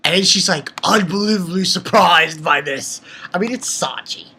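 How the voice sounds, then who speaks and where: A man casually recapping a manga chapter for his channel, rambling and excitable, with lots of fillers and restarts. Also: sits high, normal speed, a little hiss or hum. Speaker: manga review channel host.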